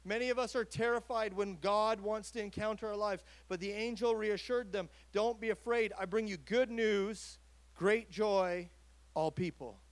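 A man's voice: high-pitched, normal speed, smooth, no room sound. A man preaching a sermon as a pastor, talking in a conversational way that rises to emphatic calls.

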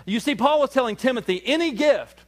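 A man preaching a sermon as a pastor, rising in pitch and force on emphatic calls and slowing down to explain scripture. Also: expressive.

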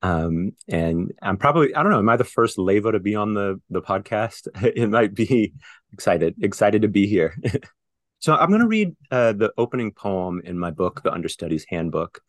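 A man's voice: fairly low pitch, sing-song, normal speed, dry recording, studio quality. A man with a Southern US accent, a poet talking in a remote podcast interview, chatty, with many fillers and restarts. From born in New Orleans, raised in Houston. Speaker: poet guest. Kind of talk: podcast conversation and poetry reading. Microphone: remote call recording.

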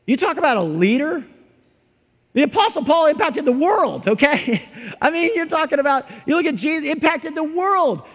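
Pastor, male, high-pitched, chatty and animated sermon delivery, hall echo. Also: normal speed. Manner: conversational and animated, acting out quotes. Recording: long hall reverb.

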